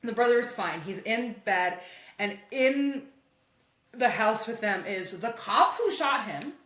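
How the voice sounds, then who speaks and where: Speaking at a measured pace with a voice on the high side, a woman co-hosting a podcast animatedly walks through a comic in casual conversation. She voices the characters' lines and laughs a lot, and the room sounds echoey.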